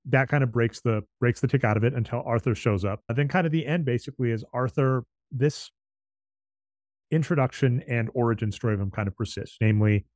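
A man's voice: medium pitch, brisk, a little mellow, no room sound. Guy rambling thru comic plots, middle voice, dry close mic. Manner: explains at length, retells scenes with quoted voices. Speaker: podcast co-host. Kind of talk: casual chat about comics.

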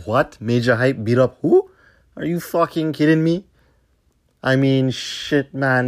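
Man, podcast host, heated rant, lots of swearing, mocking rhetorical questions. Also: mid-range voice.

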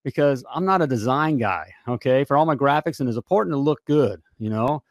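Brisk and lively in intonation, a medium-pitched American man hosts a live podcast with upbeat, folksy chat. He tends to repeat himself, and there's no room sound.

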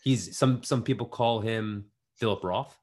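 A young man co-hosting a podcast, joking around in casual chat and riffing bits with quick restarts. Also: lowish voice, background noise. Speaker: podcast co-host.

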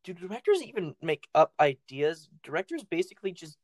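Playful quiz host with shouted outbursts. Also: medium pitch, big pitch swings, fairly quick, dry recording. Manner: playful, goofy, with sudden loud shouted bursts. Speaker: podcast host running a quiz. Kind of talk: casual chat.

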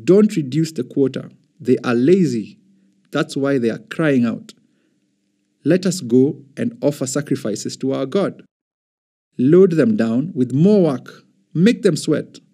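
A man reading the lines of a stubborn, scornful Egyptian king, sharp and scolding. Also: medium pitch, expressive, slow, slightly rough, exaggerated voice. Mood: commanding. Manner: sharp, scolding, shouting at times.

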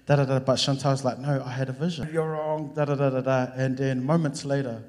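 A young man speaks from the front of a church, sharing a personal story in a casual, chatty way. He acts out both sides of conversations as he goes, at an everyday pitch. The hall around him gives his voice a long, lingering reverb. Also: level tone, fairly quick, a little mellow. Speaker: church worship leader sharing a testimony. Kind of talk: casual sermon testimony.

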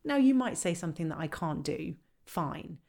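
A woman on a podcast explaining how to handle complaints, lively and acting out the lines customers and staff might say. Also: on the low side, moderate pace, gravelly. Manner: animated, acts out quoted dialogue. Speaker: customer service trainer.

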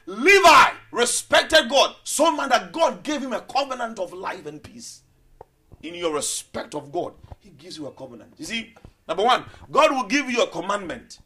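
A man preaching a sermon with passion, swinging between loud declarations and hushed low asides. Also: very animated, moderate pace.

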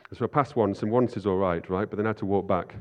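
Man, informal sermon, rapid self-deprecating delivery, reverberant church hall. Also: lowish voice, darkish tone, lo-fi sound. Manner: chatty and self-deprecating, asks "right?" often. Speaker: preacher.

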